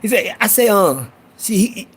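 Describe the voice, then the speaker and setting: Hosting a live stream, a man spins rowdy, foul-mouthed stories and performs the voices of their characters. His voice is high and husky, expressive, and moves at a moderate pace.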